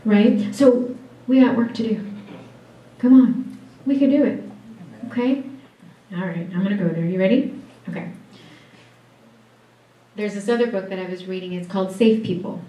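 A woman's voice: mid-range voice, moderate pace, long pauses, highs cut off. Laughing woman in an echoey room. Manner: chatty and direct, laughing often, with playful asides to the audience. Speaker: ministry speaker at a conference. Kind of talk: conference talk. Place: conference room before an audience. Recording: echoey room, distant mic.

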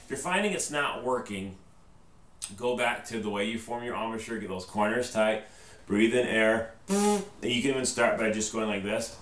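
A mid-range, slightly bright male voice with lively intonation guides viewers through a trumpet lesson at a moderate pace. The patient band teacher asks "okay?" after every step, and the sound is roomy and distant with faint noise.

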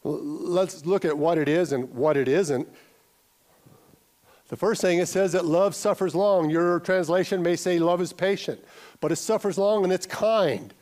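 A man's voice: high voice, unhurried, darkish tone. A male pastor giving a conversational sermon, telling an anecdote, often restarting and repeating words. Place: church sanctuary.

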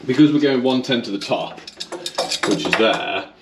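A man's voice: mid-range voice, expressive, normal speed. A man, an electrician, chatting casually to viewers and thinking aloud as he works in a garage being converted to a kitchen. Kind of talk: casual explaining while working. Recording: echoey room with faint noise.

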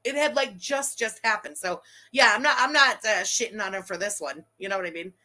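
A woman hosting a live stream, reacting to a video with excited, profane outbursts and frequent laughter. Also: mid-range voice, a little fast.

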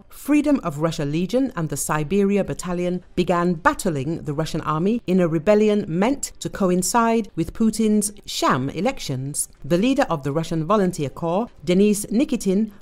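A woman narrating a scripted news report in an even, measured read. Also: lowish voice.

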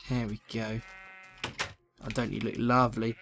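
A man giving excitable let's play commentary, chatting to the animals in the game. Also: mid-range voice, normal speed, creaky, pauses often, a little hiss or hum.

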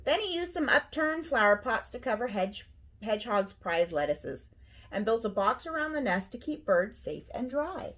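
A middle-aged woman, a school principal, reading a picture book aloud to children with expressive storytelling. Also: on the high side, moderate pace.

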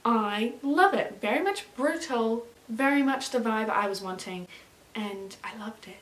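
A woman's voice: a little high, expressive, a little slow. A young woman, chatting casually as she reacts to music, gushing and scattering lots of fillers. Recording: echoey room.

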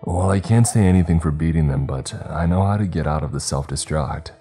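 A man's voice: rumbling low, a little fast, dark tone, breathy edge, soft background music, full character voice. A man voicing a teenage boy leading his classmates, speaking in an insistent, raised voice. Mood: intense. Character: urgent teenage boy leader rallying classmates.

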